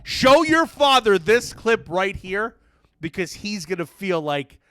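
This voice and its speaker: A man hosting a podcast, loud, excitable and cursing freely in casual chat. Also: sits high, takes it slowly, clear, resonant tone, no room sound, clean studio sound. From New Jersey. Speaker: podcast host.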